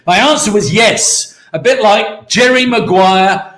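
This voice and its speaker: A British man giving an energetic motivational talk on a live stream, repeating key words and calling out to viewers by name. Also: sits high, a little slow, hardly any pauses, reverberant. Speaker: network marketing mentor hosting a live stream.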